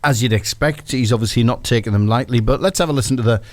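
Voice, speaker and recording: A man with a North East English accent hosting a breakfast football show, speaking in a brisk, wry way. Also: medium pitch, dry recording. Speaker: radio host. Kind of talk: casual radio chat.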